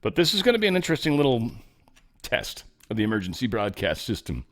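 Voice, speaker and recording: A man's voice: mid-range voice, huge pitch swings, quick pace, fairly bright tone. Rambling sarcastic man ranting on politics. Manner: rambling, profane and sarcastic, mocking asides. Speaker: political commentary host. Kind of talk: casual political commentary.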